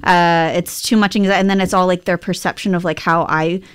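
A woman's voice: fairly low pitch, steady tone, brisk, clean tone. A young woman co-hosting a casual radio chat, talking in a rambling, chatty way full of "like" and self-corrections. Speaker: radio co-host.

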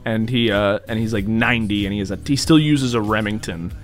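A man's voice: on the low side, a little fast, soft background music. A man co-hosting a podcast in casual chat, playful and laughing as he spins silly stories. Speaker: podcast co-host.

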